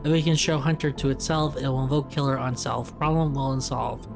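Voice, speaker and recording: A man's voice: mid-range voice, steady tone, a little fast, gravelly, natural voice. A man reading aloud the clipped, broken lines of a fugitive machine intelligence living in a vending machine, in his own everyday voice. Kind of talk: reading game dialogue aloud. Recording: game music playing behind. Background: game music.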